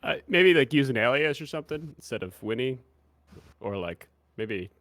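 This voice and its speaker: A man's voice: medium pitch, animated, moderate pace, a bit bright, no echo, soft background music. A man playing a tabletop game, sheepish and chuckling as he talks. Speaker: player. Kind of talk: tabletop play.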